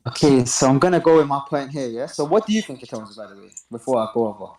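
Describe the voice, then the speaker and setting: A man's voice: medium pitch, lively intonation, fast talker, a little mellow, reverberant. A man who calls into a live debate, reading a passage and asking questions in an earnest way. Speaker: caller in a debate. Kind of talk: reading and arguing on a live call.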